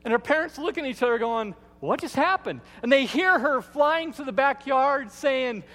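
A man's voice: very high voice, normal speed, bright, forceful tone. A man who is the lead pastor, giving a sermon in a church with folksy, playful storytelling. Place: church sanctuary. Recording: long hall reverb.

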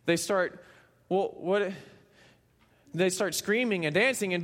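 A man from Kansas preaching a sermon, retelling a story with animated, playful asides. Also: sits high, slow pace, long pauses, long reverb tail. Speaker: pastor.

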